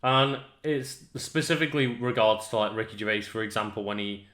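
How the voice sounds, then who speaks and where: Male co-host with a bright, tense tone, agreeable, recorded in an echoey room. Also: fairly low pitch, a little fast. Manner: agreeable, chimes in with short affirmations. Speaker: podcast co-host. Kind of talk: casual podcast chat.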